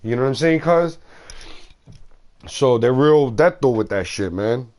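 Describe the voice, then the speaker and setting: A man's voice: mid-range voice, lively intonation, measured pace, a little mellow. A man streaming a game, chatting casually in a slangy, rambling way and swearing freely. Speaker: gaming streamer.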